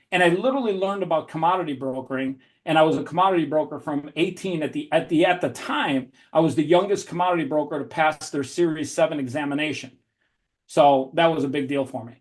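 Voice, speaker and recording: A man with a fairly high-pitched voice tells lively entrepreneurial stories as a podcast guest. He talks with restless energy and often restarts his phrases. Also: brisk. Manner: energetic, animated storyteller with frequent restarts. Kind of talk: storytelling podcast interview.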